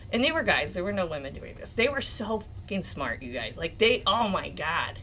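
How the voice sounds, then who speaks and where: An excitable American woman in her forties hosts a casual legal commentary livestream. Her pitch swings widely as she gushes, swears and laughs. A faint hiss sits under her voice. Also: normal speed, hardly any pauses, rough recording. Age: 40s. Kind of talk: casual live-stream commentary.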